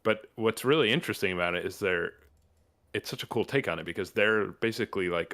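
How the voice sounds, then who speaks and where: A man with a fairly low voice, from New Mexico, hosts a podcast conversation. He talks with rambling enthusiasm, stacking up fillers and restarting his sentences as he goes. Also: fairly quick, fairly bright tone. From New Mexico, USA. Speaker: podcast host. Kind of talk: casual chat.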